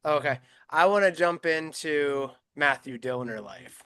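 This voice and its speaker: A man's voice: on the high side, lively intonation, a little slow, sharp tone, smooth. A man hosting a podcast, chatting casually with a friendly manner and some stumbling repeats. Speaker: podcast host. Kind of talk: casual chat.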